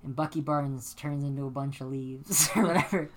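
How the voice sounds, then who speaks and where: Low-voiced woman retelling a film, swearing freely. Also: moderate pace. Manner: animated, profane storytelling with dramatic reenactments. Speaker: podcast co-host. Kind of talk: casual chat recapping a film.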